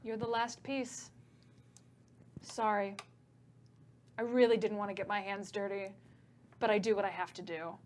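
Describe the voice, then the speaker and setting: A woman voicing a menacing male Ifriti with a put-on British accent, polite and quietly sinister. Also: high-pitched, level tone, unhurried, pauses often, slight background noise. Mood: cold regret. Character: menacing male Ifriti killer, calm and regretful.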